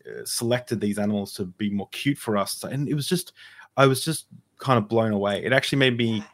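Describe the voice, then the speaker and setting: Rambling low-voiced man. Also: a little fast. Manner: rambling, with many restarts and self-deprecating asides. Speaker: podcast co-host. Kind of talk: casual conversational storytelling.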